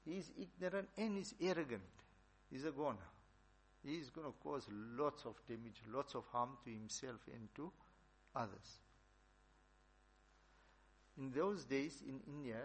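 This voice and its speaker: Husky male preacher, repeats points with emphasis, storytelling sermon. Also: mid-range voice. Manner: repetitive, emphatic. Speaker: religious teacher.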